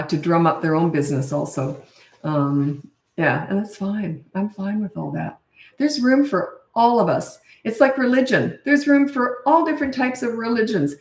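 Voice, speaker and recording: Here a middle-aged parenting coach fields questions from viewers in a live Q&A, her voice on the high side. Chatty, blunt and frank, she keeps restarting her sentences. The mic sits far from her, and the room echoes.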